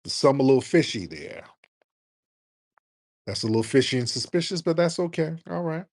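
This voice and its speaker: A man's voice: medium pitch, expressive, moderate pace, darkish tone, dry recording. A man hosting a live call-in talk show, brash and blunt, mocking his callers. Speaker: host.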